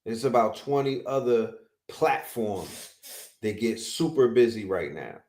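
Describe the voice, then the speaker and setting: A man's voice: fairly low pitch, lively intonation, a little slow, a little mellow, roomy sound. A man co-hosting a livestream, talking in a rambling, slangy, emphatic way. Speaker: guest co-host. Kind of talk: casual chat.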